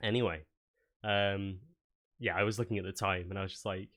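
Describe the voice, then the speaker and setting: A man's voice: low-pitched, steady tone, brisk, a bit bright. A man narrating a tabletop game as game master in a loose, casual way with many fillers.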